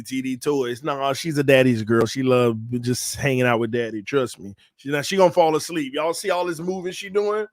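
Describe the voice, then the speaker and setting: A man's voice: a little high, no echo, clean studio sound. A man hosting a casual livestream from home, chatty and upbeat, reading out viewer comments. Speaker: host of a fan channel livestream. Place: at home with his baby.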